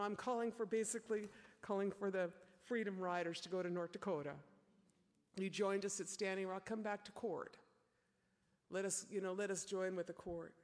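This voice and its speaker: A woman's voice: lowish voice, vocal fry, a little mellow, in a large hall. A middle-aged woman giving an impassioned public speech as an activist, often filling with "you know.". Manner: impassioned, with many repeated "you know" fillers. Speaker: activist speaker.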